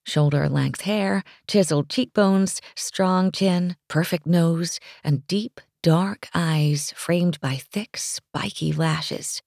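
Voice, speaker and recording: A woman reads a romance story aloud with a low, gravelly voice. She narrates expressively, with a breathy touch in places. The sound is close and dry, with no room around it. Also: takes it slowly, few pauses, a little mellow, dry recording. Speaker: audiobook narrator.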